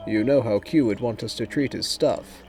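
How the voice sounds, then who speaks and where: A man voicing a calm, composed male senior spy in a storybook reading, speaking lower and more quietly. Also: moderate pace, faint music behind, close to an everyday voice.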